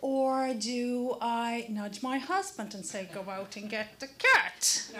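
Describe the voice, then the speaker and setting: A middle-aged woman telling a funny personal story on stage to a live audience, animated and acting out the crows' caws. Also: fairly high pitch. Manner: animated, mimics crow caws.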